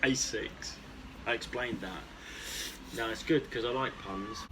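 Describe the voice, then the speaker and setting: A man's voice: medium pitch, a little slow. A man from East Anglia co-hosting a podcast, rambling through crude, jokey banter. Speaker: podcast co-host. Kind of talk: casual chat. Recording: background noise.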